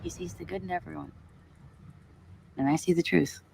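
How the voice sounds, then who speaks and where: Supergirl, gravelly and sardonic. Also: on the low side, fairly even intonation, moderate pace. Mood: quiet. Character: weary young Kryptonian woman hero, blunt and bitter. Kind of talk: film trailer dialogue. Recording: film dialogue over loud trailer music. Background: loud trailer music.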